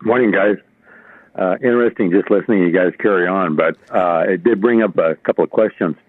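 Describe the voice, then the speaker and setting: Man, phone-in caller, low-ish voice, tinny phone line, halting. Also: slightly rough, dry recording. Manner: hesitant, many uh fillers. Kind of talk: call-in question.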